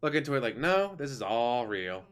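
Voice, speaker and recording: A man's voice: medium pitch, big pitch swings, normal speed, clear, resonant tone. A man ranting casually on a live stream, swearing a lot, laughing often and mocking the people he talks about. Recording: faint music behind.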